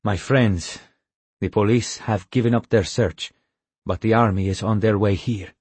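A man's voice: fairly low pitch, steady tone, moderate pace, darkish tone, slightly rough, dry recording. A man doing a grave, formal Jaime. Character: wounded, grave adult ally.

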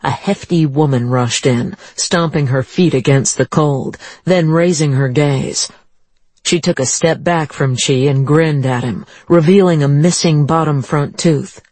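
Steady audiobook narrator, dry sound. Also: mid-range voice, a little slow, no echo. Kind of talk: scripted narration.

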